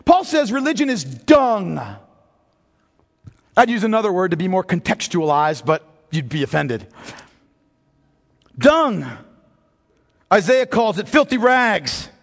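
Male pastor, high and lively voice, animated sermon delivery, long reverb of a church hall. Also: slow, long pauses. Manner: animated storytelling preacher, shifts from jokes to solemn emphasis.

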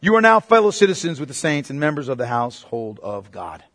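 A man's voice: medium pitch, big pitch swings, fairly quick, a bit bright. A male pastor preaching a sermon emphatically, often asking the congregation rhetorical questions. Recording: long reverb of a large hall.

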